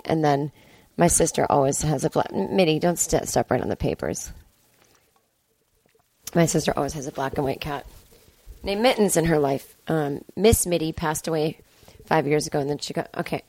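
A woman with a low, hoarse, strained voice, hosting a podcast in a casual, rambling way. She drifts between chat and an ad read and slips into cooing baby talk. The recording is dry and close. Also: darkish tone, no room sound. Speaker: podcast host. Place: sister's home, indoors.

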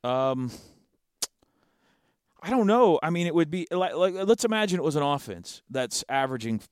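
A man co-hosting a sports talk show in casual chat, playful and animated, breaking into sound effects. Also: a little high, normal speed, smooth, no room sound, clean studio sound.

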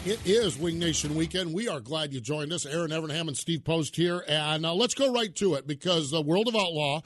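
A man's voice: a little high, brisk, a bit bright, soft background music. A man hosting a racing podcast in a chatty, informal way, tripping over sponsor names now and then. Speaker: podcast host.

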